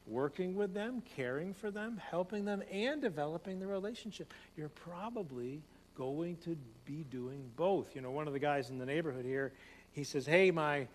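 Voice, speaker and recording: A man's voice: on the high side, normal speed, darkish tone. A man preaching a conversational sermon as pastor, repeating phrases and speeding up as he tells stories. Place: church sanctuary. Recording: long hall reverb, faint hum.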